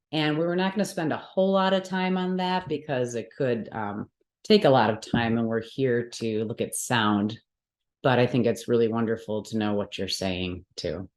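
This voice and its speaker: The recording, made in a roomy, echoey room, captures a woman with a rumbling low, darkish voice teaching a Sanskrit mantra workshop. She goes through the rules step by step with patience and checks in with the class frequently.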